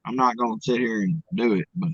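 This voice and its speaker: Man, arkansas accent, folksy, halting, dull dry lo-fi sound. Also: medium pitch, animated, fairly bright tone, breathy edge, dry recording. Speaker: interview guest, speaker. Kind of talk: casual interview chat.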